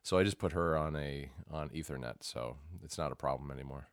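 A man with a very deep voice co-hosts a relaxed tech podcast. He wanders through his thoughts and often restarts his sentences mid-thought. The sound is dry and close, with no room around it. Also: fairly quick, clear, resonant tone, no room sound. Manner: rambling, self-correcting, restarts sentences. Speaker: podcast co-host. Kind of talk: casual chat.

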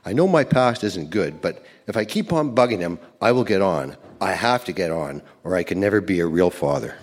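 A man's voice: sits low, lively intonation, fairly quick. A young man talking as if recording letters to his wife, joking and laughing often. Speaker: letter writer. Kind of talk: reading old tape letters aloud.

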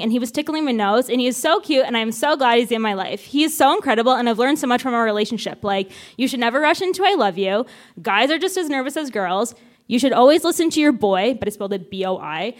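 High-voiced woman reading her old diary. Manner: laughing through her own lines. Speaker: reader of her teenage diary. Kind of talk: live stage reading. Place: theatre stage with a live audience.

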